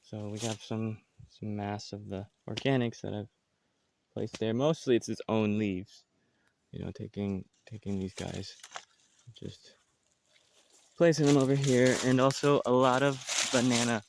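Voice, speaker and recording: A man's voice: on the low side, steady tone, unhurried, gravelly, background noise. A man giving a casual outdoor tour of his farm, talking loosely with many fillers and restarts. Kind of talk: casual walking tour narration.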